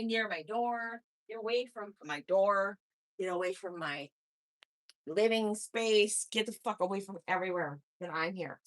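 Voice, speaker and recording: A woman's voice: fairly low pitch, dry recording, clean studio sound. A woman hosting a casual livestream from home, swearing constantly, laughing a lot and teasing her chat. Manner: profane, loud, laughs often, teasing. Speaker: livestream host.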